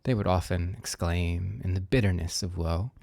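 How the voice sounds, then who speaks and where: A man gently narrating a classic novel in a soft, soothing read-aloud style. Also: sits low, normal speed, gravelly, no echo, studio quality. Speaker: audiobook reader.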